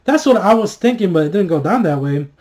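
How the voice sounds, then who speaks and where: A man giving a casual spoken review of a TV episode, excitable and swearing freely, with many fillers and restarts. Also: high-pitched, brisk.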